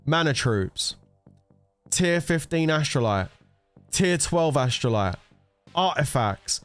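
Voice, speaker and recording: A man's voice: on the high side, animated, takes it slowly, pauses often, no echo, faint music behind. A man giving heated, profanity-laced commentary, exasperated and ranting about a mobile game. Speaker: gaming content creator.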